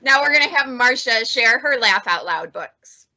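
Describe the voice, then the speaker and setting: Bright-voiced chatty woman librarian. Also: on the high side, animated, normal speed, vocal fry, highs cut off. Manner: chatty, laughs often. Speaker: librarian, segment host. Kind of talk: casual chat.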